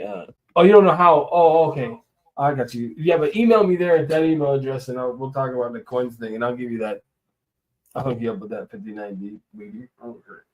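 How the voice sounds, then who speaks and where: A West Coast man hosts his own livestream, rambling casually and laughing a lot while he shows off coins. His voice sits in the mid-range, and the recording has its highs cut off.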